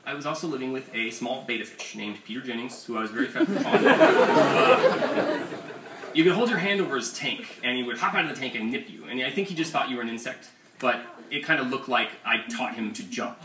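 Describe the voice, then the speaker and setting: A man's voice: medium pitch, lively intonation, brisk, a loud crowd. A young man and comics author telling profane, self-mocking comic stories at a bookstore presentation. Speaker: comics author giving a talk. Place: bookstore event space, indoors. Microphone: audience camera far from the speaker. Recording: roomy, distant audience recording with ambient noise. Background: room ambience.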